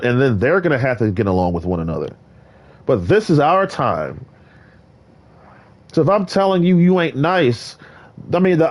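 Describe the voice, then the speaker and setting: Boastful male streamer, preachy rambling monologue to viewers, close mic in a soft carpeted room. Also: on the high side. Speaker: gaming streamer. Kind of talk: rambling solo stream talk. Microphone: desk mic in a carpeted room.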